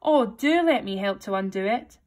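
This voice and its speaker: A woman's voice: mid-range voice, lively intonation, moderate pace, darkish tone, lightly acted. Storybook girl, eager and apologetic, read aloud by a woman. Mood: pleading, polite. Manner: humble and pleading. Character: polite, eager young girl.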